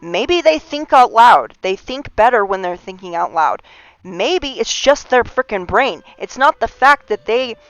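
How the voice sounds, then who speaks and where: A woman hosting a livestream delivers an earnest, impassioned monologue, full of restarts and rising emphasis. Her high, expressive voice moves unhurriedly. The streaming mic gives a dry, slightly dull lo-fi sound.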